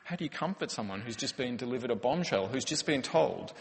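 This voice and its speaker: A man's voice: mid-range voice, expressive, fairly quick, a little hiss or hum. A man, a pastor preaching a sermon in an earnest, conversational way with rhetorical questions. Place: church hall. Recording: long church-hall reverb.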